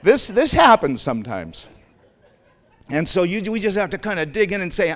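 A man's voice: high-pitched, very animated, moderate pace. A man pastor preaching a sermon in a church in a loose, conversational way, stopping to question the congregation and laughing at himself. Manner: conversational, rambling, self-deprecating, quizzes the congregation. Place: church sanctuary.

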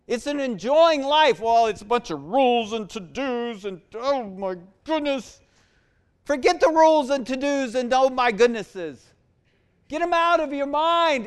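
A man's voice: very high voice, smooth. A man preaching a sermon to his church, repeating words for emphasis and building in force. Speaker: pastor.

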